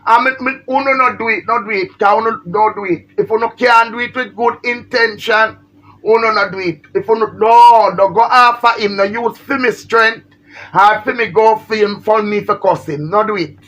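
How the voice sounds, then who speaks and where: Jamaican woman livestreamer, emphatic and pleading, bright edgy voice, a bit under the weather. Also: a little high, fairly even intonation, moderate pace. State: feeling unwell. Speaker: social media personality. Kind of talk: ranting on a livestream.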